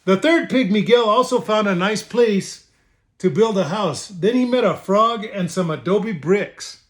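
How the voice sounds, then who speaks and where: A man's voice: high voice, a little slow, a bit bright. A man reading a picture book aloud to children, switching between languages and stopping to explain words. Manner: bilingual, explaining asides to children. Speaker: state official reading to children.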